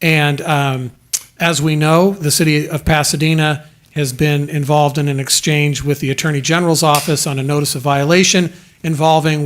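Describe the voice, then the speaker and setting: A man's voice: a little high, a bit bright. A man as city legal counsel, giving careful, precise legal advice at a council meeting. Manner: measured, precise, careful hedging. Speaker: city attorney.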